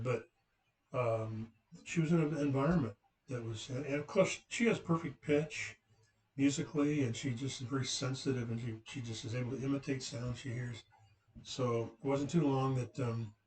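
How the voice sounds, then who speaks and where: A father rambles through family memories in casual anecdotal storytelling, full of fillers and restarts. His male voice is mid-range with a darkish tone. The recording is roomy, picked up from a distant mic, with a little hiss or hum.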